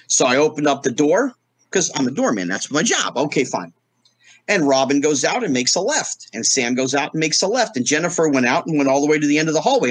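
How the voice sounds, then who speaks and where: A man's voice: fairly high pitch, husky, dry recording. A middle-aged man, a guest in a casual interview, telling stories and acting out the voices of the people in them. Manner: animated storyteller acting out quoted voices.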